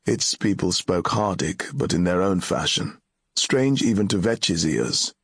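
A man narrating a fantasy audiobook in a measured, solemn storytelling manner. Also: sits low, big pitch swings, gravelly, fairly bright tone, breathy edge, no echo, clean studio sound.

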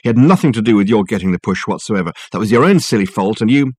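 A man's voice: fairly low pitch, lively intonation, fast talker, darkish tone, breathy edge, dry recording, studio quality. A man voicing a flustered, defensive young man who talks hesitantly and sheepishly. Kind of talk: audiobook character voice.

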